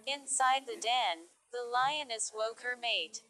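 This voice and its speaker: A woman's voice: a little high, takes it slowly, sharp tone, rough recording. A woman reading stories aloud carefully for English learners. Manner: careful, clear reading pace. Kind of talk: slow read-aloud narration.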